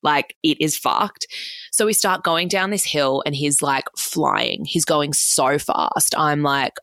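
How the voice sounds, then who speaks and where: Aussie girl in her 20s, low croaky voice, swearing a lot while she tells a story, dry sound. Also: fairly even intonation, fairly bright tone, no echo. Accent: Australian. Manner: swears freely, fast run-on anecdote full of "like". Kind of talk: casual storytelling.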